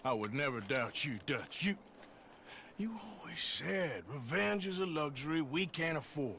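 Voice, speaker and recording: A man voicing a gruff, loyal outlaw enforcer in a western game, doubting his boss in measured words. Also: a little high, lively intonation, bright, forceful tone, a little hiss or hum, heavily acted. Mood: doubtful. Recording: game audio with hoofbeats.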